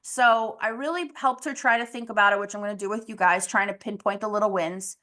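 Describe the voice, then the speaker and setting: A woman's voice: mid-range voice, brisk, pushed and bright. A woman health coach in a casual monologue, candid and blunt, laughing often and swearing casually.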